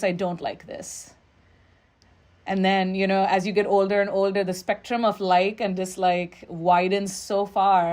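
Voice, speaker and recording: A woman from Nigeria, a musician and educator, speaking as an interview guest, reflective, with stories and quick quoted asides. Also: lowish voice, darkish tone. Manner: reflective, storytelling, quoting others in quick asides. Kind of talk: interview conversation.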